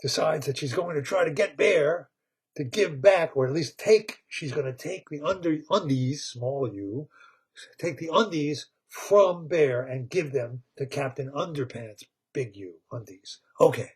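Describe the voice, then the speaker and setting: Husky man retelling a cartoon story slowly. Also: fairly high pitch. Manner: rambling, animated, laughs at his own tale.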